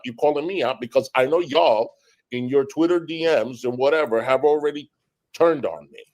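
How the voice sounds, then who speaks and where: A man on a stream panel telling an aggrieved story, animated, acting out what others said to him. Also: a little high, poor audio. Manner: aggrieved, animated, acts out quoted dialogue. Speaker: panel guest.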